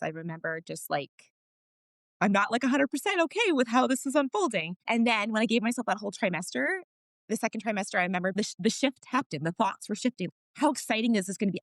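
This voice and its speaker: A woman's voice: mid-range voice, fairly bright tone, dry recording. A woman guest on a podcast, a mother of four, telling her story candidly and earnestly, laughing often and restarting sentences.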